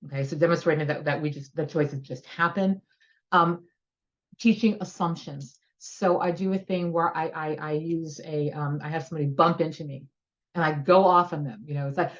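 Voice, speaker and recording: A woman's voice: low voice, fairly even intonation, moderate pace, lo-fi sound. A woman educational consultant eagerly explaining her methods on a video-call panel.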